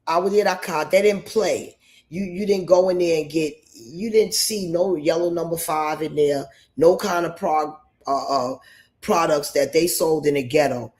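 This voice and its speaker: A man's voice: fairly high pitch, moderate pace, a little mellow. A man from New York State hosting a livestream and giving opinions in a rambling, emphatic way, often repeating himself. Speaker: livestream host.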